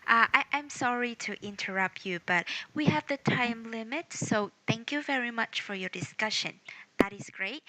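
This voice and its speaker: A woman teaching an English class over a video call, patiently moderating students and gently correcting their grammar. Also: fairly high pitch, normal speed, dry recording, low-quality recording.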